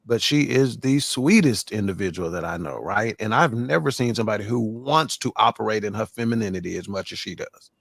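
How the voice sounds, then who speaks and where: A man's voice: fairly low pitch, animated, fairly quick, gravelly, fairly bright tone, no room sound. A man hosting a casual panel discussion on a live stream, moderating with jokey asides. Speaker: host.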